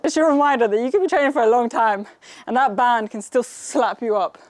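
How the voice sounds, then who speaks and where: A woman's voice: fairly high pitch, a little fast. A young woman talking through her home workout in a casual vlog, chatty, upbeat and encouraging, with a self-teasing streak. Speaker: fitness vlogger. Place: home workout, partly outdoors.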